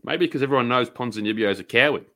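Sweary, bright-voiced man. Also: medium pitch, very fast. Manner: blunt, sweary, mock-outraged. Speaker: podcast co-host. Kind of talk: casual chat.

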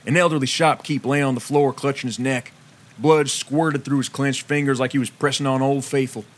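A man's voice: mid-range voice, steady tone, moderate pace. A man narrating a scripted historical story, with folksy, wry asides.

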